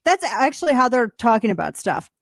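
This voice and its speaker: Woman, radio talk show host, sarcastic, mocking, slightly high voice, dry close mic. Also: no echo. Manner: mocking, animated, quick asides. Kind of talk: sarcastic political commentary.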